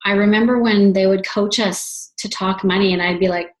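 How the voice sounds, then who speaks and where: A woman's voice: mid-range voice, fairly even intonation, normal speed, low-quality recording. A woman giving a casual team training talk as a sales team leader, chatty and often ending her points with "right?". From Canada.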